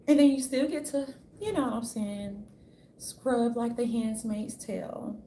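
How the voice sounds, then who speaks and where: A woman's voice: on the high side, measured pace, slight background noise. A woman vlogger ranting in a casual, blunt way, swearing freely and restarting her sentences as she goes. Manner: blunt, profane, rambling, with many restarts. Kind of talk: casual opinion rant. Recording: roomy echo, faint ambience.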